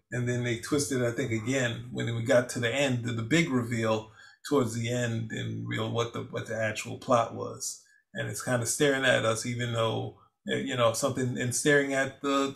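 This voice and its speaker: A man's voice: medium pitch, creaky. A man co-hosting a casual film review chat, rambling and restarting often, with easy laughs. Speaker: co-host.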